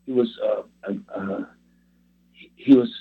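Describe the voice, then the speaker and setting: A man's voice: fairly low pitch, steady tone, measured pace, creaky, husky. A man preaching a personal testimony in an earnest, rambling storytelling way. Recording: tinny phone-like sound.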